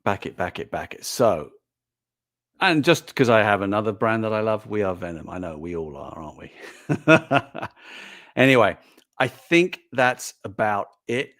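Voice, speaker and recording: A man's voice: lowish voice, sing-song, measured pace, fairly bright tone. An older man, talking casually and earnestly to viewers on a live stream as a toy brand manager, with frequent fillers and restarts.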